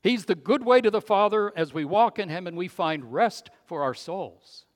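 Male preacher, fairly high voice, emphatic delivery that drops to a hush; long hall reverb. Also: lively intonation, moderate pace. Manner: emphatic, swings from loud to hushed. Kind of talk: sermon.

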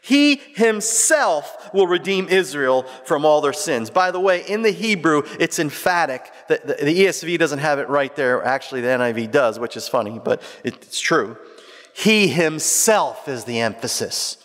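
A man preaching a sermon as pastor, swinging between loud emphatic lines and hushed, quiet ones. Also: on the high side, moderate pace, few pauses. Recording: reverberant hall.

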